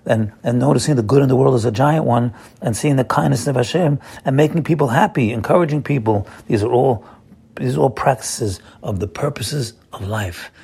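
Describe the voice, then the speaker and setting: Man, casual Torah lesson, folksy and repetitive, gravelly voice. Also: medium pitch, a little fast, warm tone. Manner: folksy, repetitive, addresses listeners as my friends. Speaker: religious teacher.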